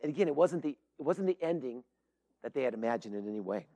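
A man's voice: mid-range voice, animated, fast talker, mellow, highs cut off. A middle-aged man preaching a sermon as pastor, earnest and emphatic, with frequent fillers and restarts.

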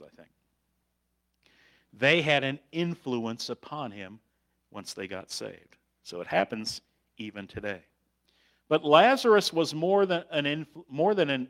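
A middle-aged man delivering a sermon at a deliberately unhurried pace. He stresses key words and lifts his voice on them, then trails off softly, with ums and uhs between thoughts. His voice sits at an ordinary male pitch. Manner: slow, emphatic preaching with frequent fillers. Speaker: pastor.

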